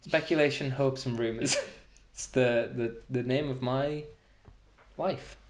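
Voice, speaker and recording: A man's voice: mid-range voice, fairly even intonation, measured pace, roomy sound, slight background noise. A man co-hosting a podcast, rambling through jokey stories in a casual chat. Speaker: podcast co-host.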